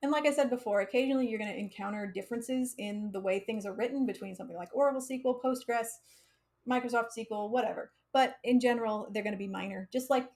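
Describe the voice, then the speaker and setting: Fast and fairly high-pitched, with a darkish tone, an American woman teaches code on a live stream. The lesson is casual; she chats away, laughs often, and uses plenty of fillers.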